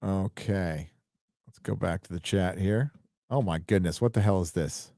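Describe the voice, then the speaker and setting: A male stream host with a low, mellow voice talks at a measured pace, offhand and rambling, swearing casually as he chats and reads donations. He's in a home studio, and the recording is dry and close.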